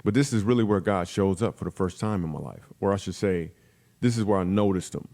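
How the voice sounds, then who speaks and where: Fast-talking, low-voiced comic storyteller man. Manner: animated, punchy delivery that jumps into quick character voices. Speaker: comedian guest. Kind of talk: comic storytelling in a podcast interview.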